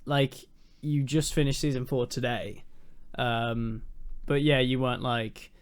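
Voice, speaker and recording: A man's voice: medium pitch, fairly even intonation, unhurried, slight background noise. A young man co-hosting a podcast, rambling through a casual review chat with lots of ums and swearing. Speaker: podcast co-host.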